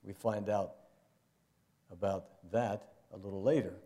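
In a church sanctuary, an older male pastor preaches to his congregation in a folksy, conversational manner, jumping into high, playful voices for asides. His tone is warm and steady, and his pace is measured.

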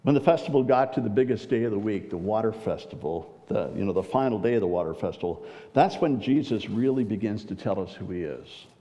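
A man's voice: fairly low pitch, lively intonation, brisk, hardly any pauses, dark tone. A man preaching a Bible teaching sermon, putting rhetorical questions to his listeners. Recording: dull recording with long hall reverb.

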